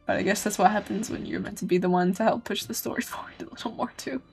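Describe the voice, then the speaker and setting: A woman's voice: mid-range voice, steady tone, quick pace, creaky, soft background music. A woman streaming a video game, talking casually and swearing freely as she reacts to the story. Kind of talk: casual gameplay commentary.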